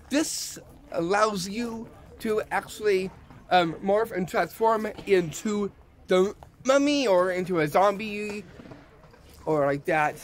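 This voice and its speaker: A man's voice: sits high, slight background noise. A man hosting a casual magic trick tutorial, eager and showing each step as he goes. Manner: eager, repeats "like this" while demonstrating.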